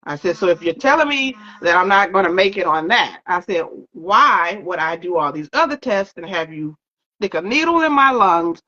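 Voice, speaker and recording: A woman with a slightly low voice recounts her story in an interview. She talks in a loose, conversational way, full of fillers and quoted exchanges. The recording sounds dull and lo-fi. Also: lively intonation, normal speed, hardly any pauses, sharp tone. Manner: conversational, often quoting others, many fillers.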